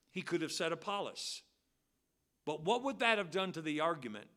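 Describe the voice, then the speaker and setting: A man preaching as pastor at a midweek church service, swinging between loud, drawn-out stressed words and quiet, quick asides. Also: on the high side, very animated. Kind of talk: expository sermon. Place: church sanctuary.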